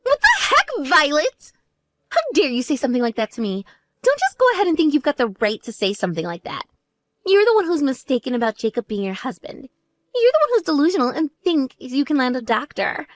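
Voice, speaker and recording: Woman voicing a bratty vain young woman. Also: no echo. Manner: mocking, shrill, demanding.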